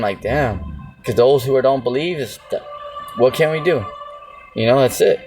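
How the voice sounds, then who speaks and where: A man with a mid-range, darkish voice teaches the Bible casually and with slang, sprinkling in "see?" and "you know?" When he reads verses aloud, he slows right down and draws out his emphasis. The mic sits at a distance, with faint music in the background.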